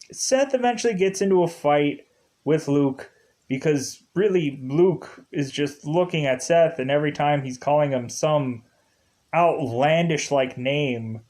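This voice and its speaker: A man's voice: fairly high pitch, slow, long pauses, darkish tone. Rambling man recapping a TV show. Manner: rambling, repeats filler words, chuckles. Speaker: TV show reviewer. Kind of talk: casual commentary.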